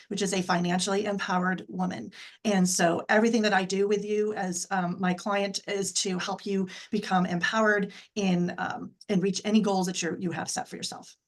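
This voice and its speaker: A woman guest on a video call, a financial advisor who stumbles and repeats herself when she starts talking. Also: mid-range voice.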